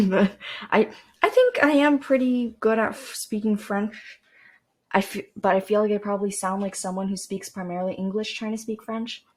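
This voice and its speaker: A woman's voice: medium pitch, moderate pace, a little mellow. A teenage girl from Canada, rambling casually to camera as a podcast host, with lots of fillers and restarts. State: dry throat.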